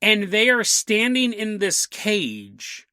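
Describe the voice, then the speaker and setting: A man's voice: high-pitched, very animated, sharp tone, clear, resonant tone, dry recording, studio quality. A man hosting a podcast, telling a strange story in a casual way with frequent laughs and jokey asides. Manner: laughs often, jokey asides, voices quick characters. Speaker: podcast host.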